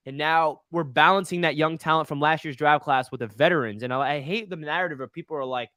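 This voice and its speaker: A young man hosting a casual sports fan chat, excitable and rambling with lots of fillers. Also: a little high, no echo, clean studio sound. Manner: excitable, fast-talking, many "like" fillers. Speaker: podcast host.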